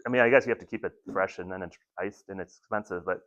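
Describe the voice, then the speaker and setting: A man with a lowish voice gives a loose, casual training lecture, stumbling through restarts and filler words as he explains. He pokes fun at himself along the way. The recording sounds muffled and lo-fi. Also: quick pace, fairly bright tone. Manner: rambling, self-deprecating, many ums and restarts. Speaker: lecturer at an ambulance crew training.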